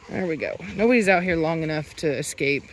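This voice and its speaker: A woman chats casually to the camera while standing outdoors among her dogs. She breaks off often to bark sharp, loud commands at them. Faint outdoor noise sits under her voice. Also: sits low. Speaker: dog breeder and vlogger. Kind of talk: casual vlog narration. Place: outdoors in a rural yard with dogs.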